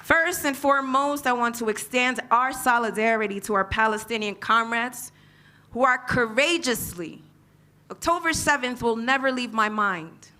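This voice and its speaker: A woman's voice: fairly high pitch, normal speed, pushed and bright. A woman from the United States, an invited panel speaker and organizer, giving an impassioned political speech and leading the crowd in call and response. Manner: fiery, leads chanted call and response.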